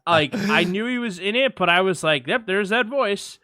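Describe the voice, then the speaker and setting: Chatty podcast guy, kinda high and bright voice, dry mic. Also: expressive, no echo. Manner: chatty, quick asides, restarts. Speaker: podcast co-host. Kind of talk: casual film discussion.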